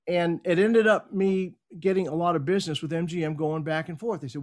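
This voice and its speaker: A middle-aged man, a guest on an interview show, telling a business story in a casual, animated way and acting out the quoted lines. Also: fairly high pitch, fairly quick, few pauses. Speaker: podcast guest, speaker and coach.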